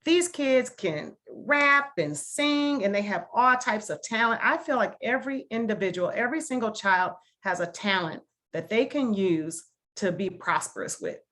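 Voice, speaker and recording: A woman's voice: medium pitch, expressive, moderate pace, few pauses, fairly bright tone. A woman from Milwaukee speaking on a video call as a guest speaker, earnest and emphatic, leaning on repeated phrases. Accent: Milwaukee, Wisconsin. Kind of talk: casual talk to a video call discussion.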